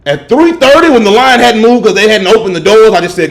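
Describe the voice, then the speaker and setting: A young man hosting a casual podcast livestream, telling an animated story in profane slang and laughing often. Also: high-pitched, fast, creaky. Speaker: podcast host. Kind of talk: casual solo livestream chat.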